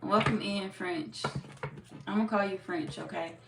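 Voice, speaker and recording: A woman giving a casual live tarot reading. She talks bluntly and profanely, chats with her viewers, and is slightly hoarse from losing her voice. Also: mid-range voice, normal speed. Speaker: tarot reader. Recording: echoey room, distant mic, background noise.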